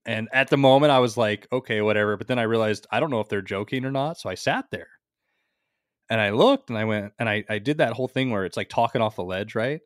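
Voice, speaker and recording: A man co-hosting a podcast, telling rambling, animated anecdotes in casual chat. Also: mid-range voice, fast talker, no room sound, clean studio sound. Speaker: podcast co-host.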